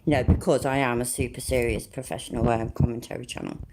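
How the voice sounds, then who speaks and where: A woman's voice: extremely low pitch, flat delivery, fast talker, very noisy. A woman hosting a commentary channel, blunt, sweary and sarcastic in casual reaction talk.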